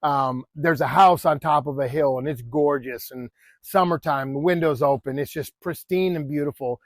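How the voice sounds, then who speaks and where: A man's voice: a little high, moderate pace, no echo. Chatty man telling a moral story. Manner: chatty, many fillers and "right?".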